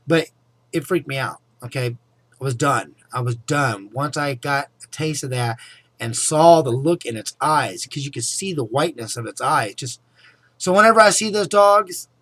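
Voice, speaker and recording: A man's voice: on the high side, a bit bright, no echo. A middle-aged man telling a personal story in a casual, rambling way, often saying "anyway" and "okay?". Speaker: vlogger.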